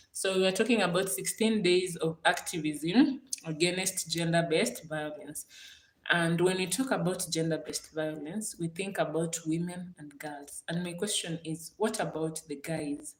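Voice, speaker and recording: Young kenyan woman live streaming, lowish voice, echoey room, keeps thanking viewers by name. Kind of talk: casual live-stream chat reading viewer comments.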